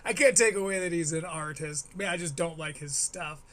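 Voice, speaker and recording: A man's voice: on the high side, brisk, a bit bright. A man from the United States commentating live on stream, sarcastic, swearing and critical. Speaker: streamer reacting to a comedy special.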